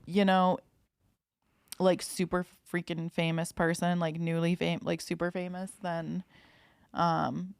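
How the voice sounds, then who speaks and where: A woman hosting a podcast in loose, joking chat that swears freely. Her low voice has a gravelly fry running through it. The sound is close and dry. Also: flat delivery, slow pace, no echo. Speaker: podcast host. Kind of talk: casual chat.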